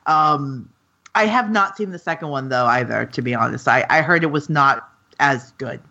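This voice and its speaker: A woman's voice: very deep voice, moderate pace, bright, forceful tone, lo-fi sound. A woman co-hosting a casual podcast chat, talking with many ums and easy laughter. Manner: chatty, hesitant with frequent ums, laughs easily. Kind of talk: casual chat about films and books.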